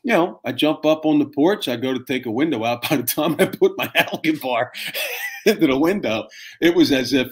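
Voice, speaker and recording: A fire captain in his fifties telling stories in a casual, animated way, swearing freely and acting out the people in them. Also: mid-range voice, moderate pace. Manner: animated, profane, acts out voices in his stories. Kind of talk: casual storytelling chat.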